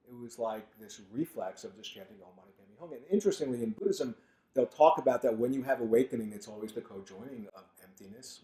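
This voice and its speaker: Earnest man speaking in a roomy hall. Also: medium pitch. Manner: earnest, loud at the start and softer later. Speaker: author giving a book talk. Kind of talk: storytelling talk to an audience. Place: large bookstore event room. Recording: roomy echo.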